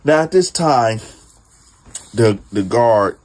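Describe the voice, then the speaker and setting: A man's voice: mid-range voice, lively intonation, slow pace, a little mellow. A man casually telling a true prison story in slangy, profane talk, calling his listeners "y'all.".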